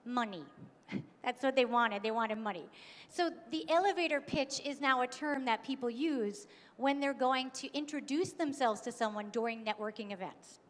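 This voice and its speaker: A woman with a high voice delivers a keynote in a conference hall, and her words ring out with a long hall reverb. She speaks in an engaging way and keeps asking the audience questions. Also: expressive, measured pace. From New York.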